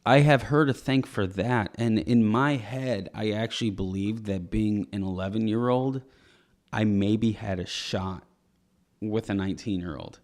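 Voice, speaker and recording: A man's voice: fairly low pitch, a little slow, a little mellow. A young man on a podcast, telling a rambling comedic story, laughing often and acting out the voices of people in it. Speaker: podcast co-host.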